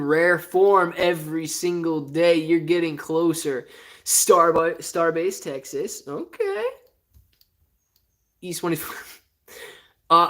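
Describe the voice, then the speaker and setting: A man's voice: on the high side, fairly bright tone. A man from Ohio hosting a casual live stream, reading viewer comments aloud in a rambling, joking way and often laughing. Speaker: stock livestream host.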